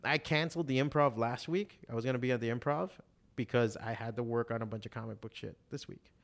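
Fast and full of vocal fry, a mid-range male voice belongs to a stand-up comic in his forties appearing on a podcast. In casual chat he spins meandering, foul-mouthed tales loaded with filler words.

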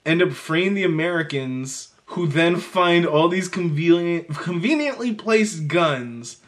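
A man's voice: fairly high pitch, expressive, a little slow. A man in casual movie review chat, jokey and profane, often bursting into laughter.

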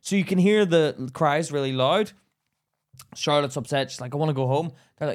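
A man's voice: on the high side, moderate pace. A man with a British accent, co-hosting a podcast and telling a story in casual chat, imitating others as he goes. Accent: British English. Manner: animated, mimics others in a sing-song voice. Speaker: podcast co-host.

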